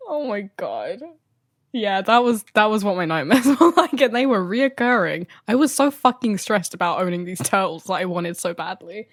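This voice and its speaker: A woman's voice: mid-range voice, animated, moderate pace, no room sound, clean studio sound. Giggly young woman podcast host. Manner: giggly, rambling storyteller. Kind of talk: casual chat.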